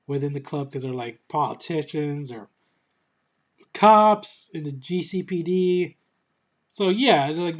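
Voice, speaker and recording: Breathless excited man reviewing a film. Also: fairly high pitch, highs cut off. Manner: excitable, rambling, swears freely, restarts often. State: short of breath. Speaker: movie reviewer. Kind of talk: casual movie review monologue.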